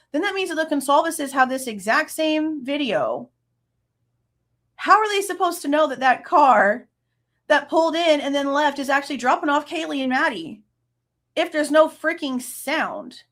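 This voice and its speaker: Woman, late 30s, true crime host; heated profane rant, voice sits a bit high. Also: a bit bright. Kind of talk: angry reaction rant.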